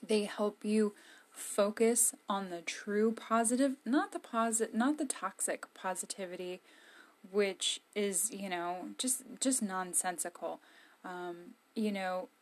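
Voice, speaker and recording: A woman's voice: mid-range voice, takes it slowly. Candid, blunt woman vlogging from her room. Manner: candid, emphatic, blunt, with frequent fillers. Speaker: vlogger giving encouragement. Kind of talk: casual motivational talk to camera.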